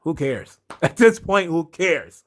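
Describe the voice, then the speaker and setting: A man's voice: on the high side, lively intonation, slow. Profane ranting man recapping wrestling. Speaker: wrestling commentary host. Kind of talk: casual recap commentary.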